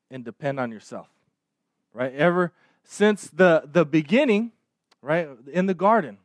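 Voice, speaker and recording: A man's voice: a little high, dry recording, clean studio sound. Conversational male preacher, restarts a lot. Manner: conversational, frequent stammered restarts and "right?" tags. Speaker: pastor. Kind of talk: sermon.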